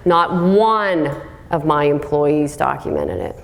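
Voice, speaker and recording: A woman's voice: on the low side, moderate pace, a little hiss or hum. A woman giving a live talk to an audience, direct and plain-spoken, telling stories and acting out what people said. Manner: lively storytelling, acts out quotes. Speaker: workplace speaker.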